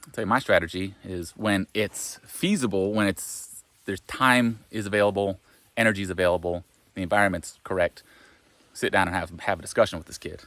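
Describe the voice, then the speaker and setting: Low-voiced man, frank and rambling. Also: fairly even intonation, a little fast, a bit bright, dry recording. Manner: frank and rambling, with frequent swearing. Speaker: self-help vlogger. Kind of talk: casual spoken monologue.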